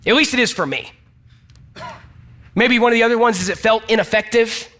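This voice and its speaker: A man's voice: extremely high pitch, brisk, bright, forceful tone. A young man from Georgia in the US, a pastor giving a chatty, conversational sermon and speaking straight to his listeners. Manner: chatty, self-deprecating, addresses listeners directly.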